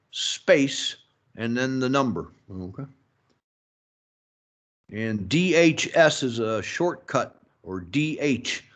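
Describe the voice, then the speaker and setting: A man teaching a business English lecture, slow and halting, filling pauses with "mm-hmm" and "okay" and adding opinionated asides. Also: on the high side, a bit bright. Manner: slow, halting, many fillers and self-talk like "mm-hmm" and "okay". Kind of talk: recorded lecture.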